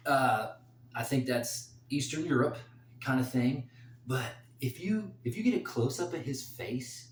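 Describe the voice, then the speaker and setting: A man giving his fight picks in a casual, rambling solo talk that turns emotional and excited. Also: medium pitch, measured pace, roomy sound, slight background noise. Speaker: host making fight picks.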